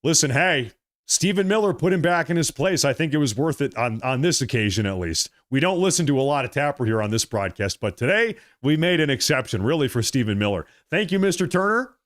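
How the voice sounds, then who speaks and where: Fairly high-pitched and very animated, this political livestream host talks a little fast as he reads comments from viewers. He responds with emphatic, repetitive phrasing and thanks people by name.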